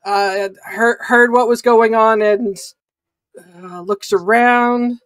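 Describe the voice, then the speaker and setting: A man running a tabletop game as game master, narrating the action in a halting way with many fillers and restarts. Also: high voice, steady tone, a bit bright, no room sound, clean studio sound.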